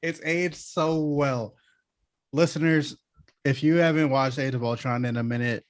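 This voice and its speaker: A man co-hosting a podcast in casual chat, laughing often and teasing his co-hosts with contrary opinions. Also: medium pitch. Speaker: podcast co-host.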